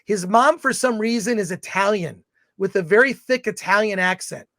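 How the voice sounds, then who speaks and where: A man's voice: high voice, normal speed, fairly bright tone, no echo, clean studio sound. Blunt, rambling male film reviewer. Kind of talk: casual film review chat.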